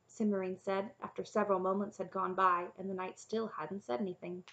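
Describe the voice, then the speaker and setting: A woman's voice: medium pitch, fairly quick, lo-fi sound. Woman reading a storybook aloud. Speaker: audiobook narrator. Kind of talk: storybook narration.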